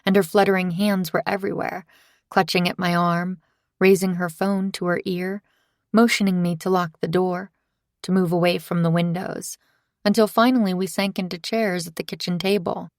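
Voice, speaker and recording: A woman narrates a first-person thriller in a steady storytelling manner. Her voice is low with a gravelly texture. The recording is close and dry. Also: normal speed, no room sound. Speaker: audiobook narrator. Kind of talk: scripted narration.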